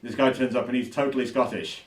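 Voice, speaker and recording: A man's voice: medium pitch, steady tone, fast. A man co-hosting a podcast, chatting casually and thinking aloud, often repeating himself. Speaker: podcast co-host. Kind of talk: casual chat. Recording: echoey room, distant mic.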